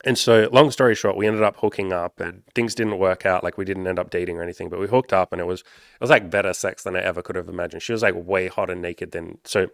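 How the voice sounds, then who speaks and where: A man's voice: low-pitched, fairly even intonation, quick pace, creaky, dry recording, studio quality. A man, a dating coach, telling a personal story in a candid, rambling way and swearing freely. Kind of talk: casual storytelling monologue.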